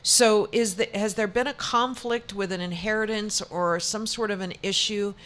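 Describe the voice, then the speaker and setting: Woman psychic, mid-pitched, chatty, reassuring tarot reader. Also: fairly even intonation, a bit bright. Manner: chatty and reassuring, quick restarts. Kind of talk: tarot reading on a talk show.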